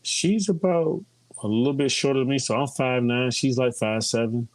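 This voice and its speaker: A man's voice: mid-range voice, moderate pace, dry recording. A middle-aged man chatting casually in a group, telling stories and quoting people. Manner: chatty storyteller, quotes others often.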